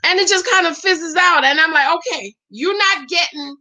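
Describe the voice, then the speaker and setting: A woman talks dating and marriage in an animated, sassy way, speaking to her listeners like girlfriends. Her voice sits high and comes across bright and forceful, and she acts out other people's lines as she tells her stories. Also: moderate pace. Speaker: relationship advice vlogger. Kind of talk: casual advice chat to women viewers.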